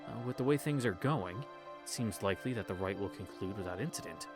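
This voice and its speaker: A man's voice: on the low side, animated, a little fast, music in the background. A man reading a visual novel aloud in a casual read-through, stumbling on words and correcting himself with wry asides.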